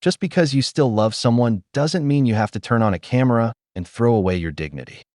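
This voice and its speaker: A man's voice: mid-range voice, lively intonation, brisk, darkish tone, no room sound, studio quality. A man hosting a commentary video, blunt and opinionated in his reactions. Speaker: commentary host.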